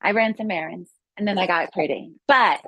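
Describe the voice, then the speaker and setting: A woman who is a yoga instructor tells her healing story in a casual, excited, rambling way, with many restarts. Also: on the low side, moderate pace, husky, no room sound. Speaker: guest sharing a healing testimony. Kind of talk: casual spoken testimony.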